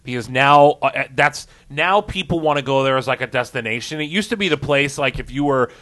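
A man's voice: medium pitch, lively intonation, fairly quick, fairly bright tone. A man hosting a casual comedy podcast, rambling and chuckling as he talks.

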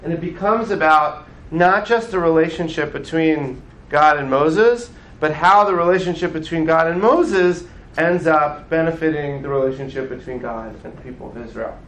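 A man teaching a class as a rabbi, in casual classroom style, animated and often checking in with his listeners. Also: on the high side, moderate pace, hardly any pauses, roomy sound, rough recording. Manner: animated, acts out voices of the story, frequent "right?".

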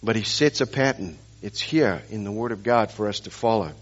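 A man's voice: on the low side, animated, moderate pace, muffled recording. A man preaching a sermon as pastor, telling stories and pressing the congregation with rhetorical questions and emphatic repetition.

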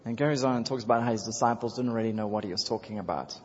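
A man's voice: lowish voice, fast talker, slight background noise. A man preaching a sermon to his congregation in a conversational way, repeating phrases, chuckling and speaking directly to the listeners. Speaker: pastor. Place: church sanctuary with congregation. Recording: dull sound with long hall reverb.

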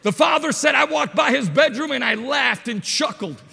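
A man preaching a sermon as an evangelist, telling stories with animated delivery and shouting at the high points. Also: moderate pace, vocal fry, in a large hall, soft background music. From Portuguese parents.

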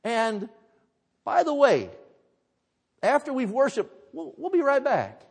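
A man's voice: extremely high pitch, wildly swooping pitch, takes it slowly, breathy edge. A man pastor preaching a sermon, telling the story dramatically with emphatic rhetorical questions. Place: church sanctuary. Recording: reverberant church hall.

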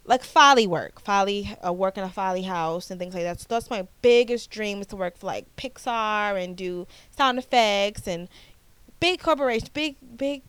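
Chatty young woman, smooth and dry. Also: mid-range voice, normal speed, no room sound. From United States. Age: 20s. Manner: chatty, animated, repeats herself and restarts often. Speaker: podcast host. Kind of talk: casual solo podcast chat.

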